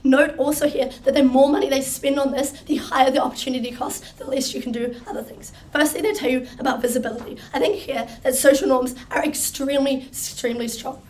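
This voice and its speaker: A teenage girl, hoarse from losing her voice, giving a quick, punchy and wry competitive debate speech. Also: sits high, steady tone, a little mellow. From New Zealand. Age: teens. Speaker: school debater. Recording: distant room mic.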